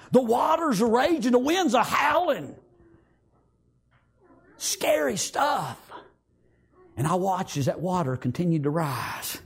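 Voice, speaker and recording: A man preaching an emotional sermon in folksy rural grammar. He swings from loud pleading to hushed tones. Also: high voice, slightly rough.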